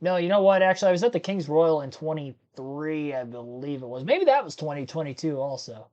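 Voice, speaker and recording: A man's voice: fairly high pitch, animated, brisk, darkish tone, highs cut off. A man from Ohio hosting a live race-watching stream, chatting casually, rambling and correcting himself as he goes. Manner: rambling, laughs while talking, self-correcting. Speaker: livestream host. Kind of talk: casual live commentary chat.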